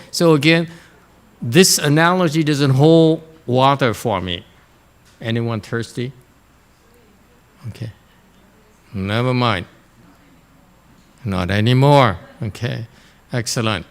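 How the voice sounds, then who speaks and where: Male meditation teacher, mid-range pitch; frank, outspoken lecture delivery with frequent check-ins. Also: slow, pauses often. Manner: blunt, frequently checks in with "Okay?". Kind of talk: Dharma lecture to students.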